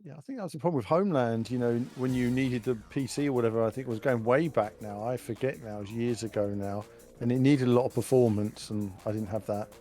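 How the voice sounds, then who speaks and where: A man's voice: mid-range voice, quick pace, mellow, faint music behind. Dry, sarcastic man. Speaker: stream co-host. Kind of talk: casual reaction commentary.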